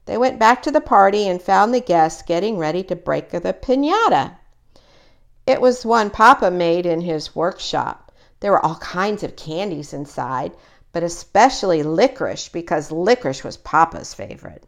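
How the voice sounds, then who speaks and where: A woman reads a children's picture book aloud with a lively, swooping voice. She slips into each character as she goes, keeping the story bright and expressive. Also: lowish voice, moderate pace. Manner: animated, voicing each character in turn.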